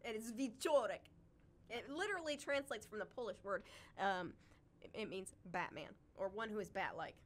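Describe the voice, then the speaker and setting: A woman's voice: medium pitch, lively intonation, normal speed, a little hiss or hum. A woman co-hosting a casual chat, talking with chatty enthusiasm and frequent laughs. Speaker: podcast co-host, wildlife sanctuary keeper.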